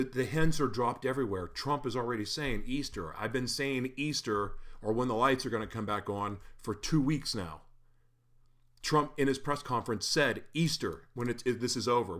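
A man giving a heated monologue, swinging between loud ranting and quiet, mock-polite asides. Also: mid-range voice. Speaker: online commentator.

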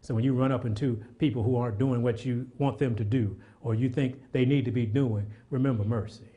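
A male preacher delivering a sermon in a warm, relaxed-toned voice. He swells into loud, rapid exhortation, stumbling over repeated words, then sinks to soft, intimate prayer. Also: medium pitch. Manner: repeats words when worked up.

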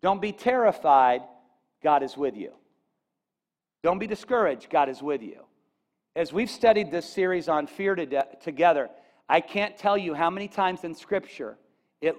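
A pastor preaching to his congregation, his voice pitched high for a man. He swings from quiet, confiding asides to loud, ringing declarations when he quotes Scripture, and checks in with the room as he goes. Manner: animated, rising to near-shouts on quoted lines; folksy asides, addresses audience with "okay?". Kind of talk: sermon.

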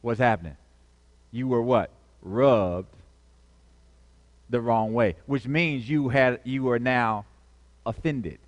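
A man's voice: medium pitch, slow pace, long pauses, in a large hall, dull audio. A male pastor preaching a sermon, calling out questions to the congregation and repeating key phrases.

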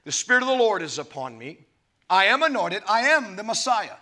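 A man preaching a sermon, with dramatic swings between loud and soft delivery, acting out the scripture quotes as he goes. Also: sits high, very animated, fairly quick. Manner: laughs between points. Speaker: pastor.

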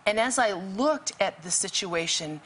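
A woman's voice: mid-range voice, lively intonation, unhurried, fairly bright tone, husky. A woman guest telling a faith story vividly, acting out the dialogue in it. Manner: vivid, acts out quoted dialogue. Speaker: guest author. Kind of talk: storytelling testimony.

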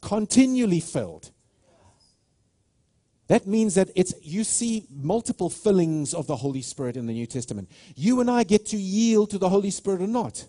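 Emphatic preacher man, lively pitch. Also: moderate pace. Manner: passionate, emphatic preaching with frequent restarts. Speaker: pastor. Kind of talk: sermon.

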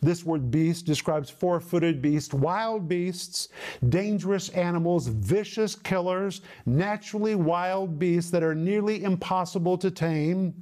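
A man's voice: high-pitched, a little mellow. Emphatic middle-aged male Bible teacher. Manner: deliberate, emphatic word-by-word explanation. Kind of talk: sermon teaching.

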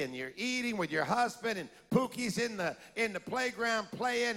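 A preacher with a very high, bright and gravelly voice, delivering an animated sermon. He shouts out to the congregation and calls for a response, and a long hall reverb trails behind him. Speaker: pastor.

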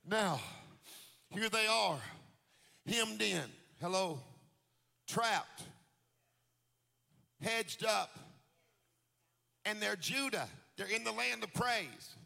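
A man preaching a sermon in church in a sing-song cadence that climbs into shouts. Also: sits high, drawn-out words, creaky, long pauses. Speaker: pastor. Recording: long hall reverb with faint music.

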